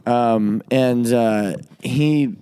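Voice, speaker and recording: A man hosting a podcast, telling a story to friends in a casual way, swearing and laughing often and jumping into loud, high voices when he quotes people. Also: extremely slow, clear, resonant tone. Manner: profane, laughing often while he tells the story. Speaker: podcast host.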